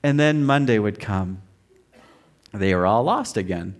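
A middle-aged man preaching a sermon, telling a personal story with acted-out quotes and emphatic shifts in pitch and volume. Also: expressive, unhurried. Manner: storytelling, acts out quotes loudly. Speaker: pastor.

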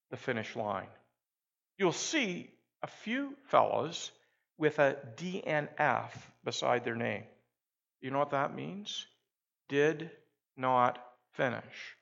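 Man, pastor, emphatic sermon, gravelly voice, muffled lo-fi recording. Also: medium pitch, a bit bright. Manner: emphatic storytelling that builds to calls for the congregation to repeat after him.

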